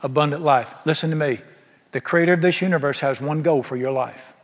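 A man's voice: on the high side, a little fast. A man preaching a sermon, folksy and emphatic, firing rhetorical questions at the congregation. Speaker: pastor. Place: church sanctuary. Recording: long reverb of a large hall.

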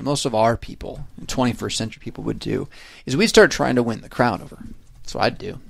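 A man's voice: mid-range voice, no room sound, clean studio sound. A man hosting a podcast, walking through a Bible passage in a casual, conversational way, full of fillers and tag questions like "right?". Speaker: podcast host teaching scripture. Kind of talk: casual Bible study chat.

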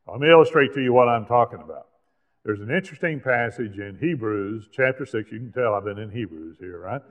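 A man preaches a sermon with emphatic, deliberate delivery, slowing right down when he reads scripture aloud. His voice carries a long echo from a church hall and sounds thin and tinny, as if heard over a phone line. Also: mid-range voice. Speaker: pastor.

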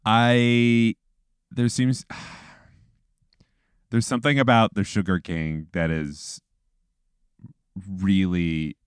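A man's voice: lowish voice, little pitch movement, very slow, long pauses, smooth, no room sound, studio quality. A man answering a hypothetical in a hesitant, stammering way. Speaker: guest. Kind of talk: casual chat.

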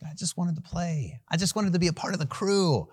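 A man preaching a sermon who tells a personal story in an animated, self-deprecating way and laughs at himself. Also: high voice, brisk, husky, dry recording, clean studio sound. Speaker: pastor.

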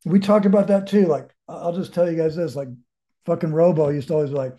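A man's voice: a little high, steady tone, fast talker, warm tone. A man telling his story as an interview guest, blunt and rambling, full of swearing and searching reflection. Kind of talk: candid casual storytelling.

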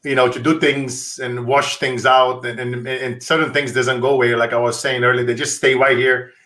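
A man hosts an interview in a loose, rambling manner, circling back over his words. He fills gaps with repeated fillers as he builds toward his questions. His voice sits at an ordinary middle pitch. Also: little pitch movement, moderate pace, pushed and bright. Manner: rambling, repetitive with many fillers. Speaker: interview host. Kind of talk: conversational interview.

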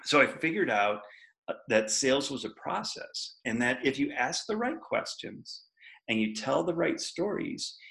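A man's voice: medium pitch, very animated, unhurried, creaky, a bit bright, poor audio. A man, a podcast guest, candidly telling a personal story in an interview, laughing often and acting out what people said. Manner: candid, laughs often, acts out quoted voices.

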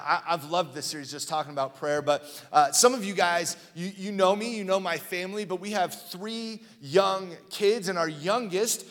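A pastor in his thirties delivers a sermon in a relaxed, joking manner, dropping in fillers as he tells family stories. His voice sits fairly high for a man. The sound carries a long reverb from a large church hall. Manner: conversational, joking storyteller with many fillers.

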